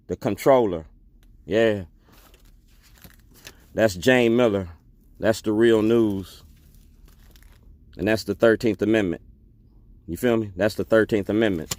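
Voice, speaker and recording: A man's voice: fairly low pitch, a little slow, pauses often, a little mellow, dry recording. A man giving a defiant public testimony as an activist, repeating himself and calling people out. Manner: defiant, declaiming, repetitive.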